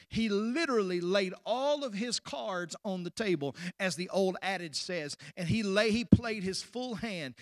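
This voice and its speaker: A man preaching a sermon, asking the congregation questions, rushing ahead at times and then slowing and dropping to hushed endings. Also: high-pitched, no echo, studio quality. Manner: preaching with sudden rushes and drawn-out, hushed endings. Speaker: pastor.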